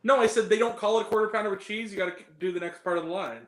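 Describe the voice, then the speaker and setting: A man hosting a live stream, chatting casually and a little tired, animated and given to laughing and acting out lines. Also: high voice, rapid-fire, reverberant, rough recording. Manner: animated, laughing, acts out film quotes. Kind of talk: casual chat.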